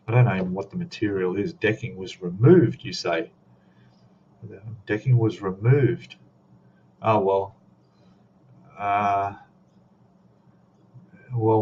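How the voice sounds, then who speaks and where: A man's voice: fairly low pitch, darkish tone. A man with an Australian accent chatting casually on a live stream as a scale model host, rambling and reading chat comments aloud. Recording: dull lo-fi stream audio with faint noise.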